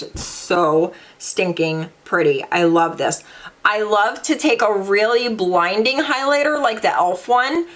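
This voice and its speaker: A woman's voice: mid-range voice, a bit bright. A young woman vlogging casual makeup reviews, chatty and gushing, with dramatic sighs and emphasis. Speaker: beauty vlogger.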